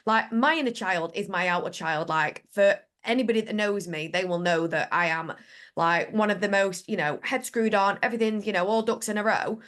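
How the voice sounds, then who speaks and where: A woman's voice: medium pitch, animated, moderate pace, a bit bright. A woman podcast host in casual chat, talking playfully and chattily with many "like" fillers.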